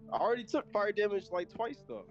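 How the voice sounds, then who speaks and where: A man's voice: high-pitched, sing-song, brisk, lo-fi sound, faint music behind. A man playing a tabletop game who talks hesitantly, stopping and restarting with many fillers. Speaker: player.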